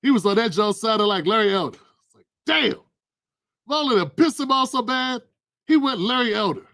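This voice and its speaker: A man's voice: sits high, expressive, brisk, fairly bright tone, no room sound, studio quality. A middle-aged man hosting a livestream, ranting through political commentary in a blunt, aggressive and profane way. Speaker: livestream host.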